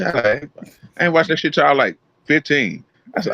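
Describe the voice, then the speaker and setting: Casual podcast co-host, a man with a lively, swooping delivery and a muffled lo-fi sound, heavy on swearing and voiced quotes. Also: fairly high pitch, brisk, gravelly, no echo. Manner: profane, animated storytelling with voiced quotes. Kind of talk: casual chat. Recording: dull lo-fi sound.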